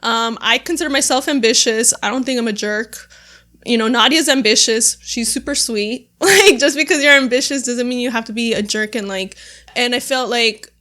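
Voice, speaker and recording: A woman's voice: on the high side, moderate pace, pushed and bright. A young woman hosting a podcast, chatting casually, full of "like" and laughs. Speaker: podcast host. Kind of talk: casual chat.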